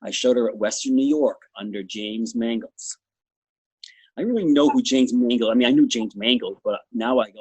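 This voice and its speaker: Middle-aged man, New England accent, blunt and rambling, husky. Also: mid-range voice, a little mellow, no echo. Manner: blunt, talks fast in bursts, trails off. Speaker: dog show judge. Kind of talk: interview answer, candid anecdotes.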